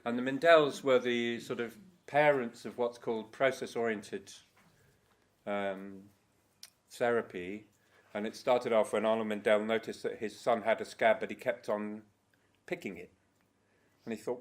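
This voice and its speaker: A man's voice: on the low side, fairly even intonation, unhurried. An older man giving a loose, rambling conference talk, swearing now and then and laughing at his own stories. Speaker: conference speaker. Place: conference hall.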